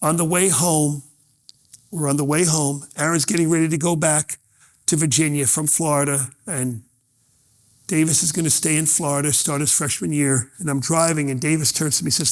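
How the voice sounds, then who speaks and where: A middle-aged man delivers a motivational keynote in a somewhat high voice. He tells personal stories, slips into the voices of the people in them, and drives his message home by repeating it. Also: fairly even intonation, moderate pace. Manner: storytelling, acts out quoted voices, emphatic repetition. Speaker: motivational speaker.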